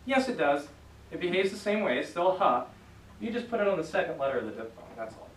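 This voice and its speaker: A man teaching a class, upbeat, with a slightly high voice. He drills his students with call and response. He is recorded from across an echoey classroom, with faint noise in the background. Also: animated, fast, recorded from a distance. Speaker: Greek teacher. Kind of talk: classroom lesson.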